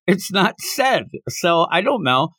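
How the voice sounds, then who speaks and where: A man hosting a casual podcast, recapping a manga in a lively way, acting out scenes and laughing often. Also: high voice, takes it slowly, husky, no echo, studio quality. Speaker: podcast host. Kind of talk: casual chat, retelling a manga.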